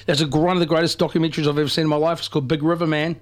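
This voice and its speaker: A man's voice: a little high, level tone, racing. A man co-hosting a radio show, telling rambling stories full of fillers and restarts. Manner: rambling storyteller with many fillers. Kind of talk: casual banter.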